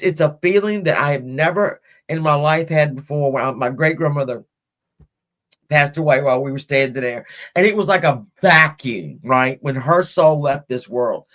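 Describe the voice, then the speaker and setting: Rambling, frank woman telling a personal story. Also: low-pitched. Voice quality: rambling, frank, swears freely. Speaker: podcast host.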